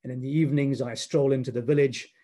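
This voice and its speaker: A man's voice: medium pitch, fairly even intonation, quick pace, mellow, close to an everyday voice. A man voicing a contented Mexican fisherman.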